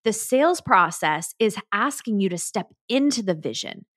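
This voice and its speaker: A woman's voice: medium pitch, animated, normal speed, fairly bright tone, no echo, clean studio sound. A woman hosting a solo podcast, talking in an enthusiastic, emphatic, motivational way. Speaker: podcast host and business coach.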